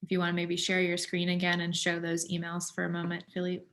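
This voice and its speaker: A woman's voice: fairly low pitch, completely flat delivery, fast, fairly bright tone. Woman admissions host on a video call, friendly, upbeat. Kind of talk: webinar hosting.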